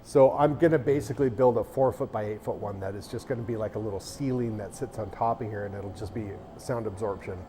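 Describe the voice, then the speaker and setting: A man's voice: lowish voice, fast, hardly any pauses, dark tone, slight background noise. A man who owns an arcade, chatting casually on a livestream and thinking aloud as he goes. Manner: rambling, thinking aloud with restarts. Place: arcade café interior.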